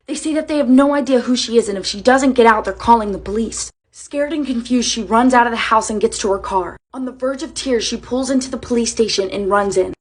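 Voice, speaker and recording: A young woman narrating a movie idea in a dramatic storytelling manner, dropping to hushed tones for suspense. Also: fairly high pitch, a little fast, few pauses, husky.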